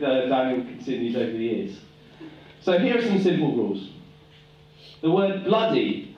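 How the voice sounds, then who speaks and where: A man giving a joking, teasing wedding speech as best man. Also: fairly high pitch. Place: wedding reception hall. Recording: echoey hall from far off, noisy.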